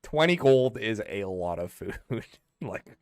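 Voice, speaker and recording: Relaxed man running a tabletop game. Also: lowish voice, slow, dry recording, studio quality. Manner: laid-back, laughing, many fillers. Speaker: game master.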